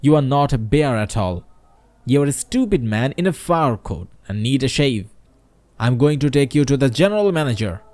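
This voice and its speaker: Bossy foreman barking orders, bangladeshi accent, mellow voice, man doing it. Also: mid-range voice, big pitch swings, moderate pace, dry recording, close to an everyday voice. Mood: angry. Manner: mocking, angry. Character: mocking, bossy male factory foreman.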